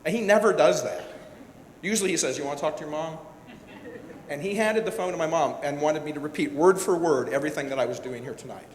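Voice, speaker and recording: Male event speaker, candid and emotional, slightly high voice, reverberant hall. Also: quick pace. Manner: personal, emotional, rambling with restarts. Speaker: event speaker, director-producer. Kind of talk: candid speech to an audience. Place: large hall. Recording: echoey hall with faint rumble.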